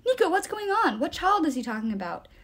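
Lady doing a nervous teen boy, higher and louder than her narration, kinda breathless. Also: sing-song, moderate pace. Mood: urgent. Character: Will, anxious teenage demigod boy healer.

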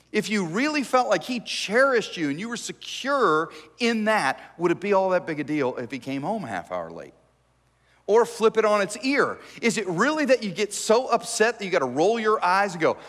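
A man preaching a sermon as pastor, animated and acting out the dialogue he quotes. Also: high-pitched. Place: church sanctuary. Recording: long reverb from a church hall.

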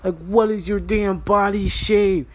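Over a noisy background, a young man with a high-pitched, steady voice roasts people at an unhurried pace through a phone mic. This roast video creator is brash and exasperated, swears constantly and calls everybody "bro."

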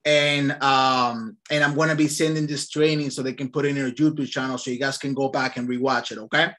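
A man leading a casual online real estate training, telling lively stories in an upbeat way over a video call. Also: mid-range voice, brisk.

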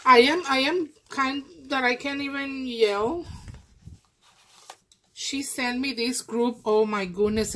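Woman craft vlogger, slightly high voice, slow and gushing, halting restarts, casual unboxing. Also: a bit bright, rough recording. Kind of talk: casual happy-mail unboxing.

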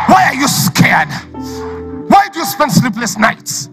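A man with a Ugandan accent preaching a sermon, shouting out repeated declarations of faith. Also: extremely high pitch, very animated, unhurried, over loud music.

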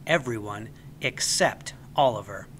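A man reading a children's story aloud as the storyteller, with an expressive, animated delivery. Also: fairly low pitch, a little slow, a little hiss or hum.

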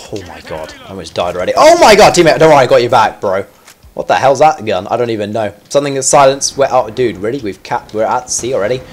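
A man giving live commentary over his own gameplay. He chats in a self-mocking way, then yelps and squeals at sudden moments. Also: mid-range voice. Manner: chatty and self-mocking between fights.

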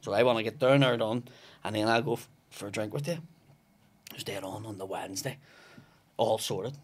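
Brisk and fairly low-pitched, a comedian guesting on a podcast delivers a long, casual story peppered with swearing. Through a studio podcast mic, he acts out the other people's lines.

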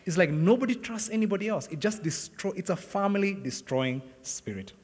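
The preacher's voice is high-pitched, brisk, and animated with a breathy edge. A middle-aged man, he weaves a personal story into his sermon, performing the dialogue and laughing a lot, all swimming in the long reverb of a big church hall.

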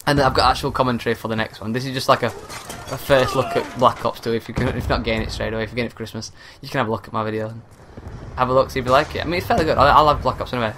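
Young gamer, hushed late-night commentary with a mid-pitched voice, noisy game audio. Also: male voice, fairly even intonation, rapid-fire. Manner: kept quiet and low, swearing at other players. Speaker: gaming commentator. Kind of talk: live gameplay commentary. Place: at home at night. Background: gunfire from the game.

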